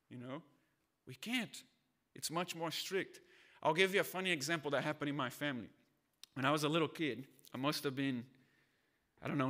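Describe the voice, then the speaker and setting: A Brazilian pastor preaches a sermon in a conversational, storytelling style, acting out voices as he goes. His voice is fairly high in pitch, pushed and bright.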